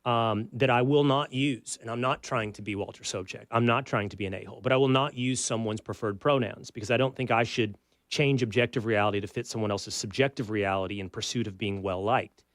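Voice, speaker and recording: A man's voice: fairly low pitch, fairly even intonation, a little fast, fairly bright tone, no room sound, studio quality. A man with a Texas accent hosting a talk radio show, speaking in an emphatic, conversational monologue full of rhetorical questions.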